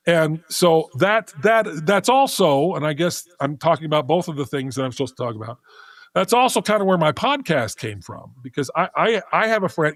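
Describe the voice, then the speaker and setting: A middle-aged man speaking as a podcast guest. He tells a story in a casual, animated way and restarts his sentences as he thinks aloud. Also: fairly high pitch, no echo, studio quality.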